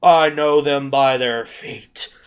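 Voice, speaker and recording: A hoarse young man giving blunt, profane tips to his viewers in a casual vlog, coughing between points. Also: medium pitch, fairly even intonation, slow. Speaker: vlogger. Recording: dull lo-fi recording.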